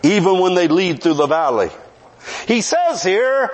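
Lively high-voiced preacher man. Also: unhurried. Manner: animated storytelling with humor, rising to emphatic preaching. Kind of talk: sermon. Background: congregation responding.

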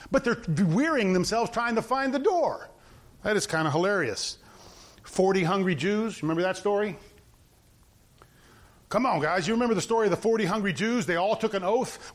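Middle-aged male preacher, lively high voice, informal storytelling sermon. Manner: animated storytelling, acting out the characters and laughing.

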